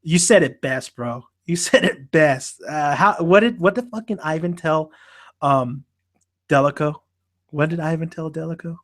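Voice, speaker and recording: A man's voice: a little high, measured pace. A man hosting a casual podcast about an anime, talking animatedly and swearing a lot as he acts out the characters' lines. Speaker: podcast host.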